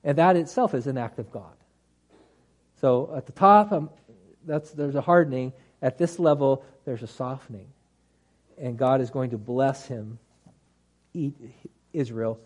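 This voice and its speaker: Man teaching a Bible class, mellow voice. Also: medium pitch. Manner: conversational, halting, with restarts and dry asides.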